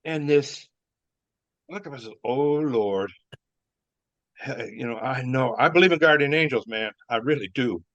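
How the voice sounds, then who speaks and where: A man's voice: medium pitch, moderate pace, fairly bright tone, no echo. An older man, a former wrestler, telling rambling stories with chuckles, fillers and restarts. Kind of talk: rambling storytelling. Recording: dull dry lo-fi sound.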